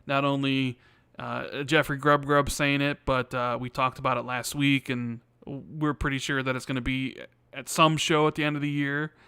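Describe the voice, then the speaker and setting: A man's voice: medium pitch, flat delivery, normal speed, sharp tone, clean tone, no room sound. A man co-hosting a casual gaming podcast, rambling with lots of fillers as he reads out viewer questions. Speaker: podcast co-host.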